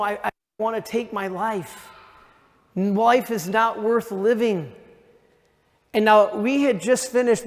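An American Catholic man, a priest, giving a retreat talk to a congregation in lively conversational storytelling that speaks straight to the audience. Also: high-pitched. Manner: animated conversational storytelling, addresses the audience directly. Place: large church. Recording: reverberant church hall.

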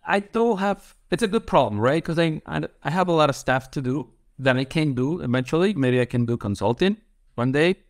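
A man's voice: on the high side, animated, fairly quick, dry recording, studio quality. A man who is a pizza chef, answering interview questions in an eager, rambling way with phrasing.

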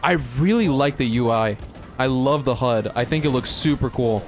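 A young man giving excitable, laugh-filled commentary while playing a shooter game. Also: mid-range voice, moderate pace. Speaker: gaming YouTuber. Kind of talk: casual gameplay commentary. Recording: music heard behind. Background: game music and gunfire.

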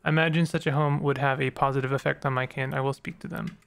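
A man reading out the game's lines for a soft-spoken, thoughtful non-human creature, in nearly his own voice. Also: mid-range voice, flat delivery, quick pace, vocal fry, clear, resonant tone. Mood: curious. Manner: reads the game's dialogue aloud in his own voice.

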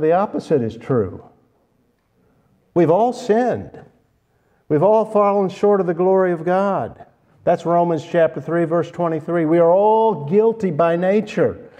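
A man preaching a sermon, speaking slowly and deliberately and stressing key words. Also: on the high side, mellow.

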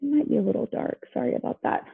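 A woman's voice: a little high, fast, gravelly, husky, phone-quality sound. A woman teacher reading a picture book aloud to her class, pointing things out and asking questions. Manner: guiding and questioning.

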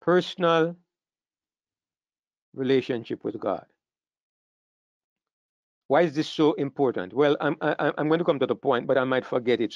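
A man's voice: on the high side, a little mellow, dry recording. A man preaching a sermon with an emphatic manner, asking rhetorical questions and repeating key phrases. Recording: dull dry lo-fi sound.

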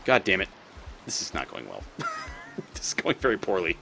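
A man's voice: sits low, huge pitch swings, moderate pace, vocal fry, sharp tone, soft background music. A man giving casual gameplay commentary as a let's play host; he swears often and talks back at the creatures on screen.

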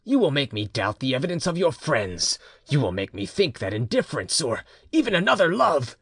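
A man voicing a returned peasant husband, speaking low, soft and intimate. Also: sing-song, a little slow, breathy edge, no room sound, clean studio sound. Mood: angry. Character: returned peasant husband, tender yet commanding.

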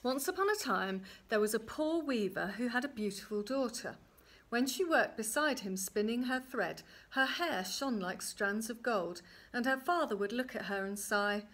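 A woman storyteller reading a traditional fairy tale aloud in a gently expressive way. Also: fairly high pitch, normal speed.

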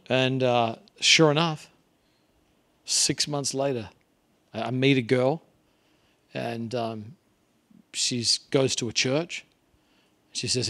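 A man's voice: mid-range voice, normal speed. A middle-aged man preaching a sermon, telling stories and acting out the quotes with rising intensity. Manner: animated storyteller, acts out quotes with rising intensity. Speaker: guest preacher. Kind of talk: sermon storytelling. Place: church sanctuary.

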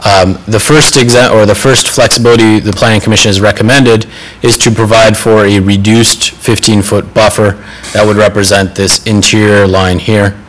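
Male staff presenter at a public council meeting, steady and explanatory, somewhat low pitch. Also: moderate pace, poor audio. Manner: methodical, apologetic about slide errors. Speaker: city planning staff presenter.

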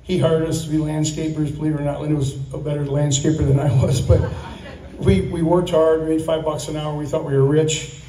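A man's voice: a little high, level tone, brisk, dark tone, distant mic, slight background noise. Older man's rambling farewell speech, echoey room. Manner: rambling, storytelling, chuckling often. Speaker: retiree giving a farewell speech. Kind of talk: casual thank-you speech with anecdotes. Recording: echoey room, mic from afar.

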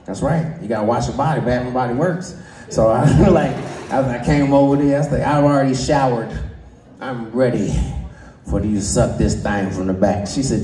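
A man doing a stand-up comedy set, who often laughs at his own jokes and jumps into high voices for the people he quotes. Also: fairly quick, warm tone, distant mic. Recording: roomy sound from away from the mic.

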